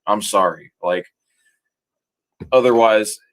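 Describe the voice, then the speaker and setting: Low-voiced man rambling through commentary. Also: slow. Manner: rambling, loses his train of thought. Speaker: streamer reacting to a video. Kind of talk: casual reaction commentary.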